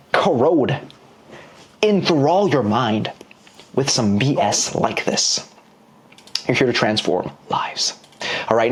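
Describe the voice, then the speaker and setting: Guy hyping up his sales students, playful, talks right at you, voice jumping up and down, a bit high. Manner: animated and playful, talks straight to the viewer. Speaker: business coach. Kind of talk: motivational sales lesson.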